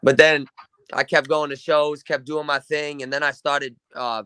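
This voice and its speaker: A man's voice: fairly high pitch, flat delivery, moderate pace, bright, forceful tone, smooth, dry recording. A young man from Wisconsin, a guest musician telling rambling, profane stories in casual chat. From Kenosha, Wisconsin. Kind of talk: casual storytelling.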